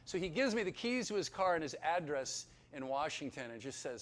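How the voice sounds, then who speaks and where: A man giving a personal testimony, telling his story with animated delivery and acting out the voices in it. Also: a little high, brisk. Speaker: testimony speaker.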